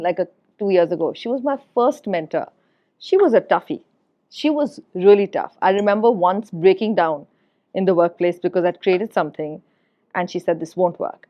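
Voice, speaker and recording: A middle-aged woman, a podcast guest telling a personal story in an earnest way and repeating words for emphasis. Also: fairly low pitch. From India. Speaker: guest, HR executive. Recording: dull lo-fi podcast audio.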